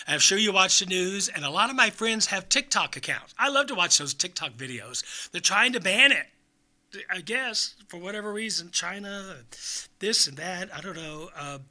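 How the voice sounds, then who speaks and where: A man's voice: fairly high pitch, sharp tone. A middle-aged man hosting a talk show, giving a chatty, campy opening monologue full of jokes and self-mocking asides.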